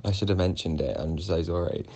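A man's voice: deep voice, brisk, dark tone. A young man, casually retelling a dream, rambling with many fillers and restarts. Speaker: podcast co-host.

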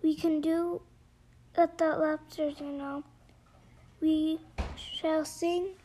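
A woman voicing the sorrowful male Mock Turtle in a storybook reading, slow and mournful. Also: high-pitched, little pitch movement, dark tone.

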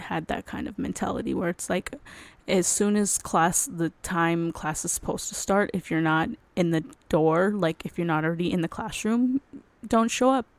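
Young woman, solo podcast host, rambling casual chat, frequent laughs, lowish voice, dry close sound. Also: creaky, dry recording. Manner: rambling, self-interrupting, laughs often.

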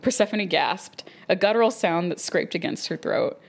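A young woman co-hosting a podcast reads from a steamy romance novel. Her voice sits low and carries a gravelly fry. She reads in a steady, expressive way. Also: normal speed. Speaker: podcast co-host.

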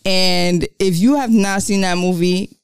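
A podcast co-host in casual chat, telling stories with animated delivery and free swearing. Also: mid-range voice, unhurried, clear, resonant tone, dry recording, clean studio sound. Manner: animated storyteller, swears freely.

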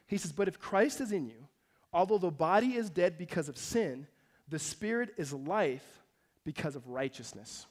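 Pastor guy, high voice, preaching casual, gets loud then drops soft. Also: animated, moderate pace. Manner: conversational, swings between loud emphasis and soft asides. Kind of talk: sermon.

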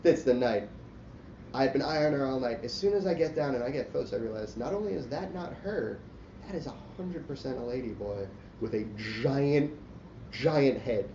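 A man's voice: mid-range voice, lively intonation, moderate pace, mellow. A man telling a long, profane story in casual chat, rambling and self-mocking and full of "like". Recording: roomy, dull lo-fi sound with faint hiss.

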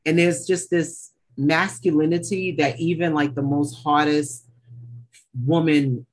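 Husky, blunt New woman. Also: low voice, fairly even intonation, unhurried. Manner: blunt, opinionated, swears freely. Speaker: podcast co-host. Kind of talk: casual TV recap chat.

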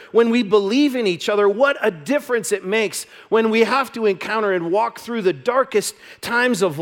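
A high-voiced male pastor delivers a sermon, alternating between loud, emphatic declarations and soft, hushed reading.

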